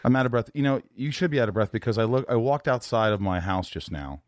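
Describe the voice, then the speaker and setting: A man's voice: medium pitch, animated, fast, dry recording. A man hosting a podcast, chatting in a scattered, joking way. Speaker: podcast host. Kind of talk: casual chat.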